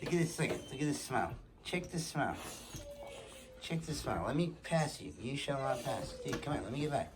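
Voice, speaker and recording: A man voicing his male pet dog, wheedling to be let past and then squealing in panic, with loud barking behind. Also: medium pitch, lively intonation, a little fast, heavy background noise, close to an everyday voice. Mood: pleading.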